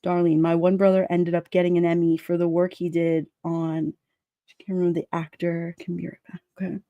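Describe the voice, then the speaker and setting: A woman's voice: fairly low pitch, little pitch movement, brisk, warm tone, no echo, highs cut off. Lady chatting on a stream, reading comments, laughing, lots of um and like, dead dry sound. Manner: rambling, laughs often, lots of fillers and restarts. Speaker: livestream host reading chat. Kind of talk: casual chat.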